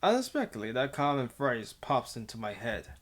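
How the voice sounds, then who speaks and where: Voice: mid-range voice, animated, unhurried. A streamer reading a visual novel aloud in a casual, giggly way, stumbling and restarting over words between bits of chat. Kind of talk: casual visual novel read-through with commentary.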